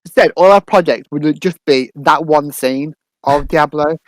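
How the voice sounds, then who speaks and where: A man co-hosting a casual film review podcast, joking and cutting in with quick remarks. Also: a little high, no room sound, poor audio.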